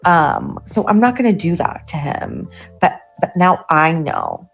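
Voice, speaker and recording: Gravelly low-voiced woman venting. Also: wildly swooping pitch, a little slow, faint music behind. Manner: agitated, swearing, rising to loud outbursts. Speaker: TikTok storyteller. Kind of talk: venting storytime to camera.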